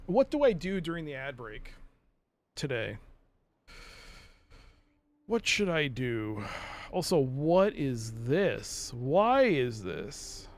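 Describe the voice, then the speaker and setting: A young man streaming a game live, rambling and mocking himself as he talks to himself and his chat, full of fillers. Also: fairly high pitch. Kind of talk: casual live-stream commentary.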